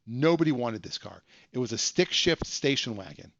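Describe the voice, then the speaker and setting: A man hosts a home live stream at his computer, casually telling a story peppered with jokes at his own expense. His medium-pitched voice is expressive, slightly bright, and moderately paced, though the recording is muffled with a little hiss or hum.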